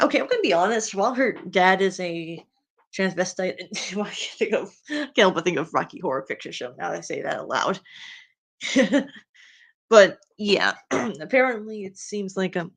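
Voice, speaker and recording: A woman's voice: lowish voice, expressive, moderate pace, vocal fry, fairly bright tone. An outspoken woman with a Spanish accent, streaming and chatting loosely as she comments on fan fiction. Her talk wanders, full of ums, likes and restarted sentences. She voices her views bluntly and with plain exasperation. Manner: rambling, with many fillers and restarts. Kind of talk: casual rambling commentary while reading fan fiction.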